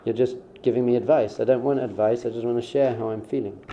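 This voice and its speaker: A man's voice: mid-range voice, fairly even intonation, fast, warm tone, a little hiss or hum. A man who is a rabbi, giving a conversational spiritual talk in an informal way and acting out short quoted exchanges. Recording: dull, muffled sound.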